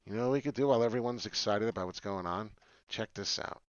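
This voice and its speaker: A man hosting a casual crypto livestream, talking in an excitable, rambling way with frequent swearing. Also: lowish voice, fast talker, clear, resonant tone, no room sound, highs cut off. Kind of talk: casual live chart talk.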